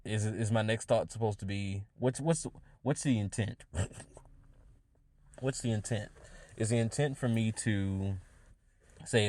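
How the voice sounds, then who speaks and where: Fairly low and warm, this man's voice comes through a dry recording as he hosts a solo podcast. He muses aloud about his own views, haltingly, repeatedly beginning phrases again while he figures out what he means.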